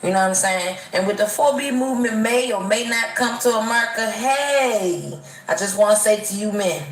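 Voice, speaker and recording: A woman's voice: mid-range voice, moderate pace, few pauses, roomy sound, poor audio. A woman giving a casual, sarcastic opinion monologue with a teasing edge. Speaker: clip contributor.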